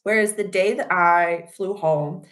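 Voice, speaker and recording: A young woman with a Boston accent hosting a casual astrology chat, rambling and animated as she tells stories and answers viewers. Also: lowish voice, unhurried. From Massachusetts. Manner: rambling, animated storytelling with loud acted outbursts. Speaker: livestream host reading chat.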